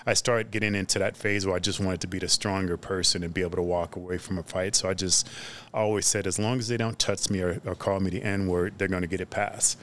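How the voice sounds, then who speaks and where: A man telling stories in a casual podcast chat, animated, acting out the people in his stories. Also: deep voice, quick pace, slight background noise. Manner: animated storyteller who acts out the other people in his stories loudly. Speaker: podcast guest.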